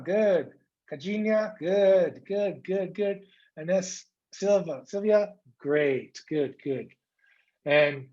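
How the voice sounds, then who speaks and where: Brief: man teaching English on a video call, slow drilling delivery, higher pitch, dull lo-fi audio. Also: a little mellow. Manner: slow, drilling words by repetition, encouraging. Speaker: English coach giving a speech. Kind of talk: online English pronunciation lesson.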